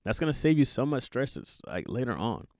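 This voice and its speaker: A man's voice: mid-range voice, very animated, brisk, a little mellow, no room sound, clean studio sound. A young adult man hosting a casual monologue podcast, telling stories with playful voiced asides and laughs. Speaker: podcast host.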